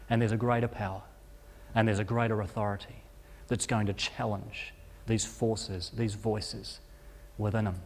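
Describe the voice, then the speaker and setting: Male preacher retelling in an echoing hall. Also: mid-range voice. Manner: vivid retelling that rises and falls in intensity, with stumbles. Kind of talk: dramatic sermon storytelling.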